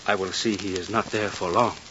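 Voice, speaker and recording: An actor playing a greedy, sly village mayor obsessed with taxes, who speaks in a pompous, knowing, formal way in an old radio drama. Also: male voice, deep voice, steady tone, brisk, noisy background, close to an everyday voice. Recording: dull lo-fi old radio recording.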